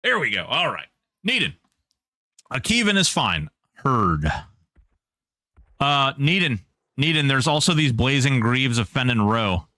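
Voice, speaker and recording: A man's voice: medium pitch, very animated, unhurried, long pauses, sharp tone, dry recording, studio quality. A man streaming gameplay live, joking with chat and hyping up giveaways. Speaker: game streamer.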